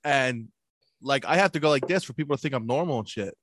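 A man's voice: mid-range voice, fast talker, a little hiss or hum. A man chatting casually, swearing and laughing a lot as a guest. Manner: profane, laughing, excitable. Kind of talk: casual chat.

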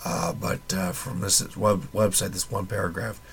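A man's voice: sits low, animated, measured pace, creaky, a bit bright, slight background noise. A man hosting a casual solo podcast, rambling and wry with a little profanity, his voice worn and nearly gone. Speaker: podcast host.

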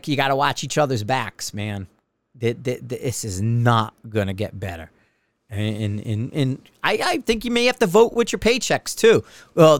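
Middle-aged male podcast host, rambling and profane, clear voice on a dry close mic. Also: fairly high pitch, no room sound. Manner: rambling, profane, stop-start. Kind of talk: casual monologue.

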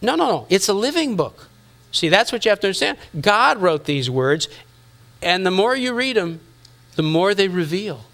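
A man's voice: sits high, sing-song, normal speed, creaky, a bit bright. A middle-aged male pastor giving a sermon in a conversational way, teasing the congregation and acting out inner voices.

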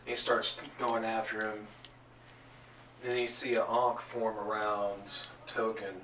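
A man narrating a tabletop game as game master, telling the story in an animated, jokey way, recorded from a distance in an echoey room. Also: lowish voice, takes it slowly, a little hiss or hum. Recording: echoey room, distant mic, faint ambience.

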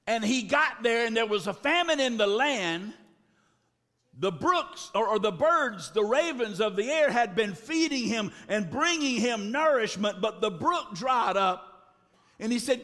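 A man preaching a sermon dramatically, swinging between shouted lines and low, drawn-out words. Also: expressive, long reverb tail.

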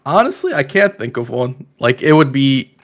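A man's voice: medium pitch, very animated, normal speed. Laid-back podcast co-host man. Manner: laid-back, laughs easily. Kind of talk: casual chat.

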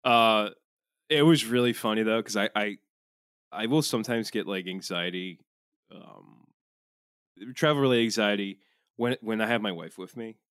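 A man's voice: lowish voice, moderate pace, pauses often, fairly bright tone, clear, resonant tone, dry recording. Man, podcast co-host, rambling, swearing, filler-heavy, dry close mic. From Philadelphia, USA. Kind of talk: casual podcast banter.

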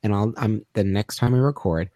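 A man's voice: lowish voice, moderate pace, no room sound, studio quality. A man with a Jamaican accent co-hosting a podcast, telling jokes and stories in a casual chat. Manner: joking, animated storyteller. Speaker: podcast co-host.

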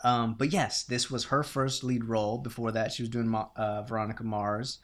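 A man's voice: mid-range voice, level tone, normal speed. A man co-hosting a podcast, talking enthusiastically about movies and actors, swearing casually and often restarting his sentences. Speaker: podcast co-host.

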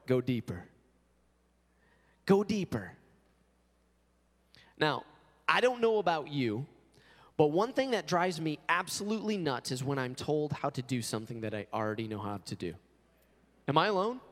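A male pastor preaching a sermon in an animated way, acting out quotes. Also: fairly high pitch, big-room sound.

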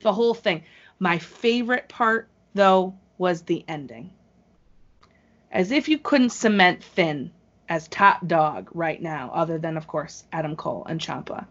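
A woman co-hosting a wrestling podcast, chatting casually and gushing with enthusiasm. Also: lowish voice. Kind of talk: casual chat. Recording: muffled lo-fi sound.

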